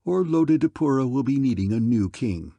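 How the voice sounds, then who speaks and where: A man voicing a bold young male American warrior who speaks calmly and simply. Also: medium pitch, normal speed, creaky, no room sound. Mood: resolute. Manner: calm, simple, resolute.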